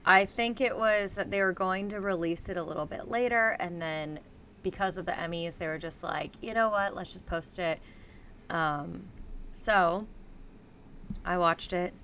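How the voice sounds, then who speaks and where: A woman with a slightly low voice rambles through stories as a podcast co-host, hedging as she goes. A faint hiss and room ambience sit under her voice. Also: fairly even intonation, a little slow, fairly bright tone. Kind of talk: casual chat.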